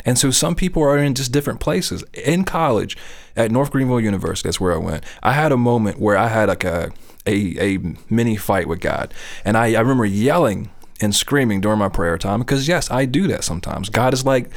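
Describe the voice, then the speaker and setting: A man's voice: lowish voice, lively intonation, a little fast, creaky. Earnest middle-aged man talking faith. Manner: earnest, conversational, often asks "you know what I'm saying?". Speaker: speaker on faith. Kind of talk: casual faith talk.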